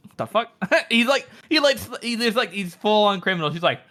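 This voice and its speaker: A man's voice: high-pitched, expressive, a little fast, bright, forceful tone. A man co-hosting a book podcast, arguing his take in casual chat, laughing and swearing freely. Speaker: podcast co-host.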